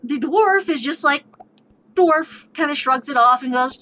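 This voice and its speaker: A woman streamer telling a tabletop game story in an animated, exasperated way, swearing freely, on dull lo-fi stream audio. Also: sits high, measured pace, a little hiss or hum.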